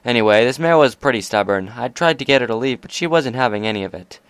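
A man reading aloud and voicing a gruff, boisterous male pony bartender. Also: medium pitch, animated, fast, no room sound, lightly acted. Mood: storytelling.

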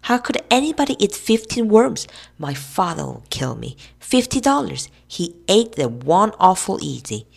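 A woman's voice: medium pitch, sing-song, normal speed, vocal fry, husky, full character voice. A woman voicing an anxious boy who frets and worries aloud. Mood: worried. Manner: worried, fretful.

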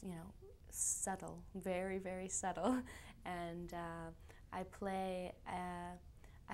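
A woman's voice: lowish voice, darkish tone, a little hiss or hum. A young woman from Canada, an actress being interviewed, chatty, laughing often and trailing off into fillers. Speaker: actress guest. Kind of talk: casual interview.

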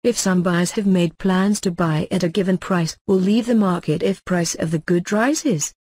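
A man reading economics lecture notes aloud as a lecturer, in a measured, formal textbook delivery. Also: high-pitched, darkish tone, dry recording.

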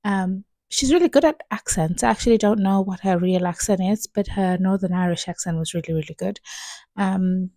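A woman's voice: medium pitch, dry recording. A woman hosting a reaction video, chatting casually and laughing often as she watches. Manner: relaxed, unhurried, laughs often.

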